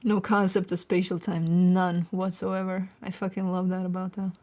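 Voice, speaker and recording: A woman's voice: fairly low pitch, little pitch movement, normal speed, mellow. A woman hosting a tarot channel, chatting casually at home, swearing freely and cooing at her dog. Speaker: tarot reader and channel host. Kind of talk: casual chat to camera.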